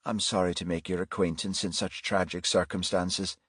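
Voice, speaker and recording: A man voicing a middle-aged male pastor with a soft Irish brogue and a solemn, gentle manner. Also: low-pitched, little pitch movement, moderate pace, husky, no room sound, clean studio sound. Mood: gently solemn.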